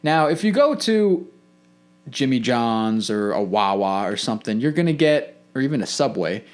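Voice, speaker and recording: A man's voice: medium pitch, big pitch swings, normal speed. A man, co-hosting a podcast and chatting casually in a rambling, complaining way with many restarts. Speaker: podcast co-host. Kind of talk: casual chat.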